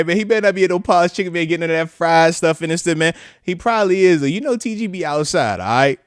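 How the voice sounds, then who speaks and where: Lively slangy male live-stream host. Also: fairly high pitch, dry recording, clean studio sound. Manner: loose and slangy, with a constant "man" filler; animated, with playful asides. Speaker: host of a football talk livestream. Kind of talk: casual live-stream chat. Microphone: close microphone that picks up breaths.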